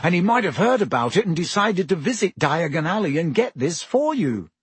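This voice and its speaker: A man voicing an eager, excitable teenage boy wizard in a read-aloud story. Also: high-pitched, brisk, breathy edge, no echo, voice pushed up, full character voice. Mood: excited. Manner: eager, blurting.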